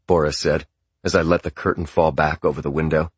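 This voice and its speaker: A male audiobook narrator with a very deep, husky voice, reading in a measured and restrained manner. The recording is close and dry, with no room sound. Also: flat delivery, no room sound. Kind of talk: scripted narration.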